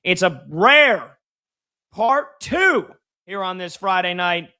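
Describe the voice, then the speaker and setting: A man's voice: sits high, animated, takes it slowly, pushed and bright, clear, resonant tone. A man hosting a sports radio show, chatty and joking with his crew. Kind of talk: casual sports talk.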